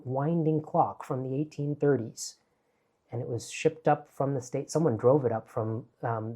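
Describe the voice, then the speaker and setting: Man, vlogger, casual storytelling, animated, mellow warm voice. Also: mid-range voice. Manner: animated, acts out voices in anecdotes.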